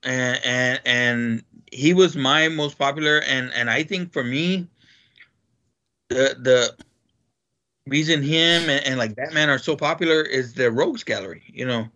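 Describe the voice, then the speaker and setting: A man in casual chat, animated and excitable, swearing freely as he talks. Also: mid-range voice, measured pace, highs cut off.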